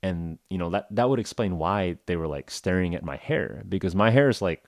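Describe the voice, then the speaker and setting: Low-voiced man telling a self-mocking story. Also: expressive, a little fast, no echo, clean studio sound. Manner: chatty and self-mocking, with many fillers like "uh" and "like". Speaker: podcast host. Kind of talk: casual storytelling podcast for English learners.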